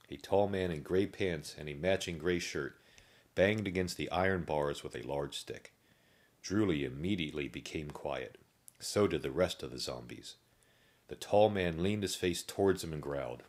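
A man reading a children's story aloud in a steady, gently amused narration. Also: very deep voice, moderate pace.

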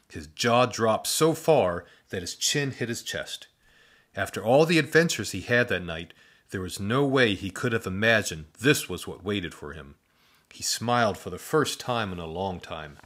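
A man narrating a children's storybook with a lower voice. His delivery is expressive and animated, with plenty of swing in his pitch.

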